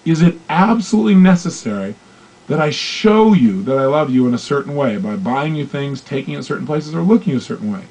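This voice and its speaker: Animated motivational speaker, husky man. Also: a little high, fairly quick, low-quality recording. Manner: animated, acts out both partners in quoted dialogue. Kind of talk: motivational talk on relationships.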